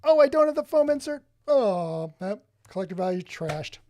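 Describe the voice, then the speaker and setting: Male streamer, casual and excitable, with a soft, mellow tone, chatting with viewers. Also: high voice, moderate pace, a little hiss or hum. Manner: excitable, exclaims often, chats with viewers by name. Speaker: streamer showing his game collection. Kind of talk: casual live-stream chat. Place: home office.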